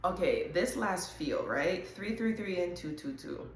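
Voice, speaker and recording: A woman hosting a casual intuitive reading, talking straight to viewers in a chatty, animated way with quick asides. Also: on the low side, reverberant, slight background noise. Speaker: host.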